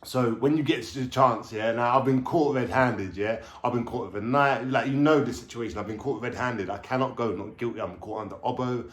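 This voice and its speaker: A man's voice: medium pitch, a little fast, few pauses. Man, echoey room storytelling. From London. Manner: rambling and slangy, swears freely, restarts. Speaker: vlogger. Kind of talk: casual storytelling to camera. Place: at home, indoors, with a dog.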